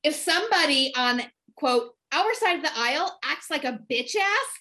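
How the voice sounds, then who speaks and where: Woman co-host, high bright voice, blunt and profane, casual panel podcast. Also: animated, moderate pace.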